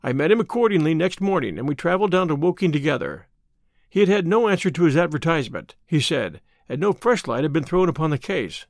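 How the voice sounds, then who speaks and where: Male narrator, lively pitch, dry close sound, expressive read. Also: fast, no echo. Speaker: audiobook narrator. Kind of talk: scripted narration.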